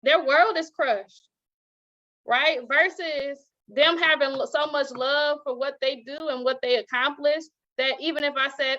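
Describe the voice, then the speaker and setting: A woman, a teacher and author, talking as an interview guest, telling stories with lively acted-out quotes and frequent laughter. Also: high voice, normal speed, dull audio. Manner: animated storytelling, acts out quoted voices, laughs often. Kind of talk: casual interview talk.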